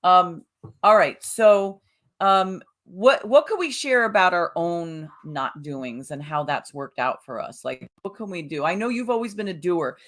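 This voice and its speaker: A woman co-hosting a motivational podcast in a relaxed, conversational way, with fillers and restarts. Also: fairly low pitch, measured pace. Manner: conversational, with fillers and self-corrections. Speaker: podcast co-host. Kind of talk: casual motivational chat.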